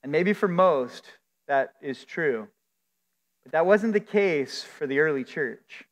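High-voiced male pastor in a reverberant hall. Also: expressive. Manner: earnest, emphatic preaching with drawn-out stresses. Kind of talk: sermon.

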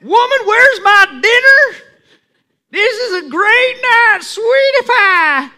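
A man puts on an overblown crooning husband, pitched way up into a sugary sing-song. The voice is bright and sharp, and every word is drawn out. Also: lively intonation, slow pace, exaggerated voice. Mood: mock-sweet.

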